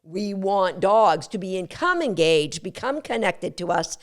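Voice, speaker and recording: A woman hosting a dog-training podcast, teaching alone and acting out owners and dogs in bursts of high, excited voices. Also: a little slow.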